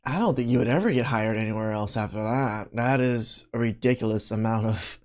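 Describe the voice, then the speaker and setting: A man's voice: lowish voice, brisk. A man giving mocking, exasperated reaction commentary on video clips. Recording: music playing under the voice.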